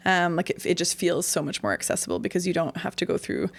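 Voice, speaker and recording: A woman's voice: lowish voice, animated, quick pace, vocal fry, no room sound. A woman from Canada, an interview guest, telling stories in a rambling casual way with many fillers. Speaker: interview guest, singer-songwriter.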